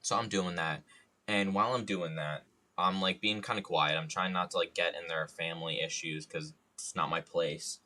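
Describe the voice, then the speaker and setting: Casting: low-voiced male streamer, rambling and jokey, casual storytelling. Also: steady tone, moderate pace, pushed and bright. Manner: rambling, jokey, playful idioms. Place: home studio.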